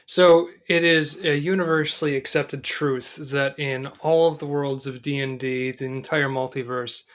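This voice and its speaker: A man co-hosting a gaming podcast, speaking in a tongue-in-cheek way and often pausing to restart his sentences. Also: medium pitch, fairly even intonation, fairly bright tone. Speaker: podcast co-host. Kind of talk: casual podcast chat.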